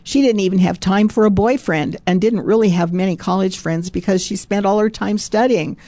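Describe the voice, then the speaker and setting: A woman gives a Christian devotional, reading a story aloud and breaking in with chuckles, repeated phrases and "praise God" asides. Emphatic, she repeats phrases for stress. Her voice is medium-pitched, brisk and dark in tone, with no room sound.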